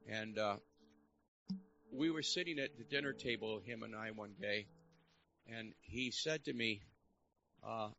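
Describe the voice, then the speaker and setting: A man's voice: fairly low pitch, unhurried, long pauses, bright, forceful tone, highs cut off, a little hiss or hum. An older man preaching a storytelling sermon in a church service, earnest and building to fervent exhortation.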